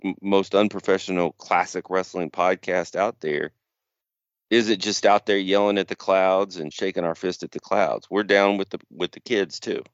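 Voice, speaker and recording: A man's voice: low-pitched, steady tone, moderate pace, no echo, dull audio. A man co-hosting a podcast, casually rambling through a story. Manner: rambling storyteller, acts out quotes. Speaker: podcast co-host. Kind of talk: casual chat.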